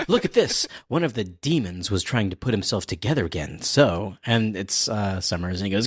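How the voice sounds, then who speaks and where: A man's voice: fairly low pitch, animated, normal speed, dry recording, clean studio sound. A man co-hosting a podcast, recapping a comic chapter in rambling casual chat full of fillers. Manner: rambling narration with many fillers and laughs. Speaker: podcast co-host.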